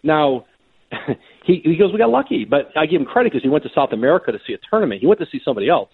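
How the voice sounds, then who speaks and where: Male sports reporter guest, husky, storytelling on a tinny phone line. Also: fairly high pitch, rapid-fire. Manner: animated anecdotes with quoted voices and frequent restarts. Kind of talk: conversational storytelling.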